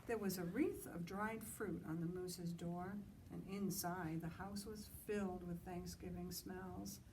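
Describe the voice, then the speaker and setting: A woman librarian reading a picture book to children outdoors, pausing for chatty asides and questions. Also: on the low side, fairly even intonation, darkish tone, far from the mic, a little hiss or hum, poor audio. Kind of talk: outdoor story time reading.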